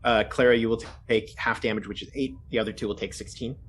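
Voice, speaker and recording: A man's voice: on the low side, fairly even intonation, fast, a bit bright, slight background noise. A man running a tabletop role-playing game as dungeon master, talking casually with frequent filler ums. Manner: casual, many filler ums, laughs easily.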